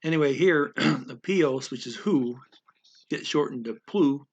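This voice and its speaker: Male lesson host, slow and halting, husky tone. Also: mid-range voice, lo-fi sound. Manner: halting, thinking aloud, many fillers and restarts. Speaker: language learner explaining a lesson. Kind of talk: casual spoken language lesson.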